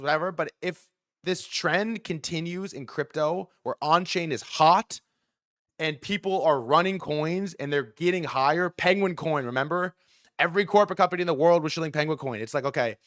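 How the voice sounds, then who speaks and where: A man hosting a live market stream, ranting fast and heatedly with frequent swearing. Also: on the high side, dry recording, clean studio sound. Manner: fast, excitable delivery. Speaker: livestream host.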